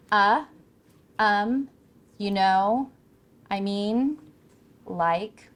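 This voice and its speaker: Brief: woman speaker at a podium, projected and emphatic, coaching tone. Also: mid-range voice. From California. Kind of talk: presentation to interns. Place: event room with audience. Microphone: handheld or podium microphone.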